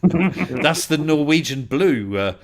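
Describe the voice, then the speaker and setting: A man hosts a relaxed group chat, his voice rising and falling in a lively, animated way. He laughs often and keeps throwing questions to his guests. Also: a little high, takes it slowly. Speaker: livestream host.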